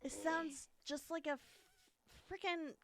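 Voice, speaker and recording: A woman co-hosting a podcast, chatting casually and telling animated stories, with a sore throat. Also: sits high, a little slow, vocal fry, no room sound. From Alaska. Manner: chatty, animated storyteller, says "freaking" a lot. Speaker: podcast co-host. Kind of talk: casual chat.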